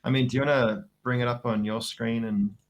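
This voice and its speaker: A man co-streaming a coding session, relaxed and laughing often as he reads chat. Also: medium pitch, a little fast. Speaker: co-streaming guest programmer.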